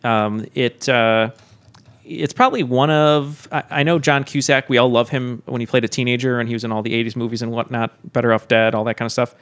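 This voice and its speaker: A man's voice: medium pitch, steady tone, fairly quick, a bit bright, clean tone. A man from Chicago with a light Chicago accent, co-hosting a podcast in casual chat, rambling with lots of ums and restarts. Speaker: podcast co-host. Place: recording studio.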